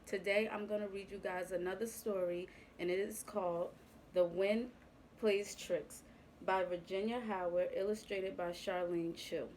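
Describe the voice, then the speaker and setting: A woman reading a picture book aloud to young children. She takes it very slowly and tells it with a gentle, expressive touch, at a middle pitch. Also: slight background noise, rough recording.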